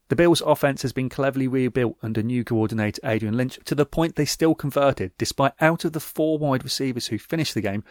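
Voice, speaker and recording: A man's voice: medium pitch, darkish tone, dry recording. A man hosting a podcast, reading a scripted football recap with wry, dry asides. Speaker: podcast host.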